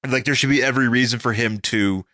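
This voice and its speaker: A man's voice: medium pitch, steady tone, quick pace, pushed and bright, no echo, studio quality. A man co-hosting a comic-book podcast in casual chat, rambling and jokey, full of fillers and swearing. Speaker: podcast co-host.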